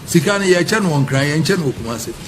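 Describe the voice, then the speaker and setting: A man's voice: fairly high pitch, lively intonation, rapid-fire. Earnest man appealing to chiefs. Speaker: speaker addressing chiefs at a public forum. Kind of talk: formal public appeal. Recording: noisy ambience behind the voice.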